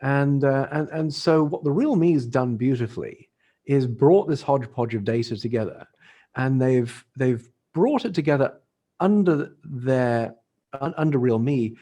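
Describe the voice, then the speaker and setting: Speaking a little slowly in a mid-range, dark-toned voice, a middle-aged English dating industry expert guests on a podcast. His talk is casual, with plenty of laughter and phrases he starts over.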